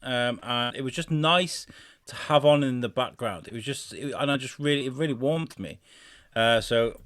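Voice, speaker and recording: A man, co-hosting a podcast in casual, animated chat. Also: medium pitch, moderate pace. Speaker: podcast co-host.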